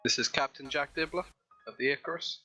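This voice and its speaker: A man playing a crisp starship captain on comms. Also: mid-range voice, a little fast, bright, forceful tone, soft background music, pitched above the performer's own voice. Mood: brisk. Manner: clipped, efficient radio talk.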